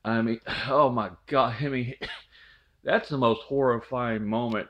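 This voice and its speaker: A man's voice: medium pitch, fairly even intonation, a little slow, highs cut off. A middle-aged man, casually telling a memory, rambling and repeating words. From southwest Ohio. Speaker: channel host telling a memory. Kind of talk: casual storytelling.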